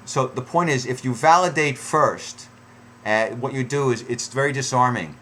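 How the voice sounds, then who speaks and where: A man's voice: medium pitch, moderate pace, fairly bright tone, slight background noise. A middle-aged man giving relationship advice in an unscripted, conversational way, with many fillers and restarts and acted-out quotes.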